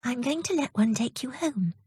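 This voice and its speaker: Lady doing a soft high little sea fairy girl, kind, sing-song, bit husky. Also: lively intonation, moderate pace, no room sound, studio quality, heavily acted. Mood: gentle. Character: gentle, kindly young sea fairy girl.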